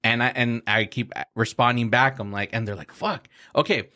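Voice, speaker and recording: A man's voice: medium pitch, steady tone, normal speed, sharp tone. A man as a podcast guest, telling stories in a casual, profane way and laughing as he acts out the people in them. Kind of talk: casual storytelling chat.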